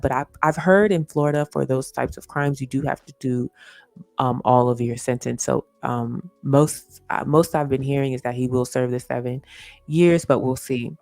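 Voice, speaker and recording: A woman's voice: a bass voice, a little mellow, no room sound. A woman hosting a casual commentary livestream, earnest and repeating her points with lots of "you know" fillers. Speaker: host. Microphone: streaming setup.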